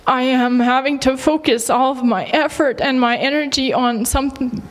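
A woman sharing an emotional personal testimony in church, halting and near tears, with many pauses. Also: high voice, in a large hall, poor audio.

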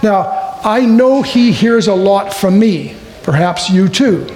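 A man's voice: sits high, lively intonation, slow, darkish tone. A man preaching a sermon and telling a joke first, in a chatty, conversational way with asides to the room. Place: church hall. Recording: echoey hall with faint ambience.

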